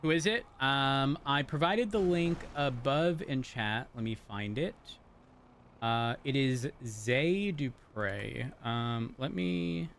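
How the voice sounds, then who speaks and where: A man's voice: medium pitch, expressive, takes it slowly, creaky, fairly bright tone, a little hiss or hum. A man streaming and chatting casually with viewers while gaming, rambling through explanations with many restarts. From rural area, then a city. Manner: rambling, self-interrupting explanations.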